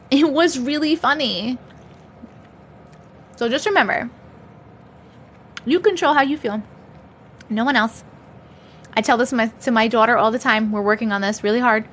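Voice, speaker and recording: A woman's voice: sits high, fairly bright tone, slight background noise. A woman in her thirties hosting a casual live stream, reading chat and laughing often as she talks. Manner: laughs often, chatty and upbeat. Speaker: livestream host.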